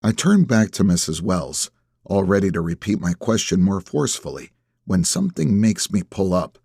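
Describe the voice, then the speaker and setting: A man reads a first-person audiobook in a low, husky voice. His delivery is measured and terse. The recording is dry and close. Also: very animated, dark tone, no room sound. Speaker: audiobook narrator.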